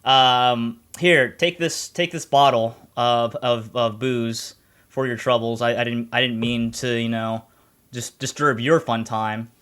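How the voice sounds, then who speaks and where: A man's voice: mid-range voice, steady tone, slow, a bit bright, clean tone. A man voicing a laid-back male pirate captain, offhand and apologetic, while retelling a story.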